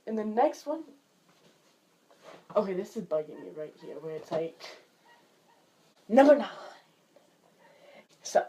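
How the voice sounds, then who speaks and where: A teenage girl vlogging from home, chatting and complaining in an exasperated way while acting out everyday scenes in lively voices. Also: mid-range voice, slow, long pauses, slight background noise. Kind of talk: casual vlog rant. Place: her home, indoors.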